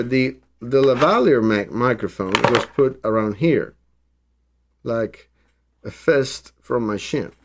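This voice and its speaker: Male tech reviewer, mid-range voice, slow and deliberate, second-language English, demo style with frequent restarts. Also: mid-range voice. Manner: thinks aloud with frequent restarts and fillers. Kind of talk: hands-on product demo.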